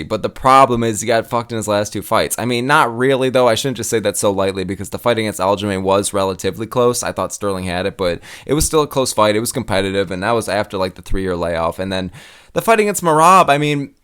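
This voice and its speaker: Brief: rapid-fire male host, slangy and cussing, heated casual commentary. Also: lowish voice, fairly bright tone, clean tone. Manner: heated, profane, slangy rant. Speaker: MMA commentary channel host. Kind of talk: casual tier-list commentary.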